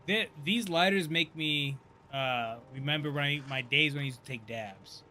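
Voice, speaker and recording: A man in his thirties giving casual, profane live-stream commentary, chatty and quick to laugh. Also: fairly high pitch, bright, forceful tone, a little hiss or hum. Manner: loose, profane, laughs often, chatty asides.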